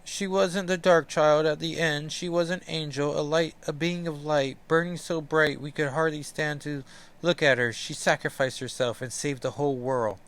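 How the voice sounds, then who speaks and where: A man's voice: a little high, steady tone, moderate pace, a bit bright, pitched above the performer's own voice. A man voicing a young man who grieves tearfully over a lost girl. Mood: grieving. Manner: tearful, sorrowful.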